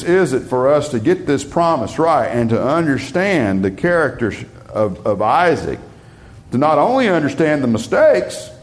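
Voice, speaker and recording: A man preaching a Bible study sermon. He reads scripture slowly and with emphasis, then explains it in plain talk. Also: medium pitch, very animated.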